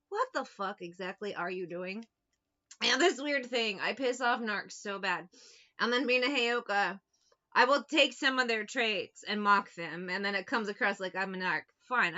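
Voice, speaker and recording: A woman's voice: on the high side, sharp tone, dull audio. A woman talking bluntly and with a lot of swearing as she tells anecdotes in a casual monologue as a tarot reader. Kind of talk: casual straight-to-camera monologue.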